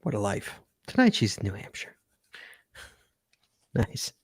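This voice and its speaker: Husky-voiced man hosting a call-in show. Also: lowish voice, huge pitch swings, a little slow, no room sound. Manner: upbeat, repeats himself while hyping callers. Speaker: podcast host. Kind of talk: live call-in podcast chat.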